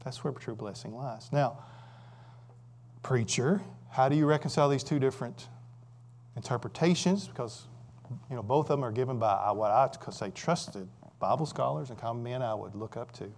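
A male preacher giving a conversational sermon, asking rhetorical questions and swinging between loud emphatic stretches and quiet asides. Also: medium pitch, moderate pace, creaky.

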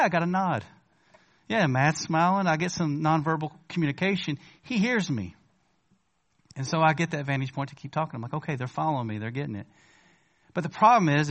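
A male pastor delivers a sermon in a church sanctuary, with a voice a little higher than most men's. He speaks to the congregation like a conversation, rises to emphatic, questioning bursts, then drops to quiet asides.

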